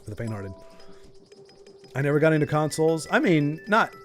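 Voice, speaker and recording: A man's voice: on the high side, very animated, fairly quick, faint music behind. A man streaming a video game, chatting casually and jokingly with his viewers in a rambling way. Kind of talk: casual live-stream chat.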